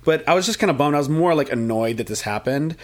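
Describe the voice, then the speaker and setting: A man's voice: on the high side, expressive, fast. A young man telling a rambling story in casual chat, with lots of fillers.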